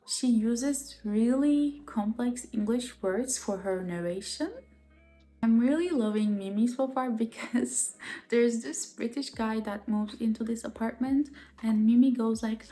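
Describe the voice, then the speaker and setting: A book vlogger chats enthusiastically about a book in a casual vlog, her talk full of fillers. Her voice is on the high side and warm, with faint music in the background.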